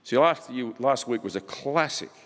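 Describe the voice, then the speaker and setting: A man's voice: mid-range voice, expressive, normal speed, a bit bright. A middle-aged man giving an impassioned conference keynote, building his points through rhetorical repetition. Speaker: keynote speaker. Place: large conference hall. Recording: hall reverb.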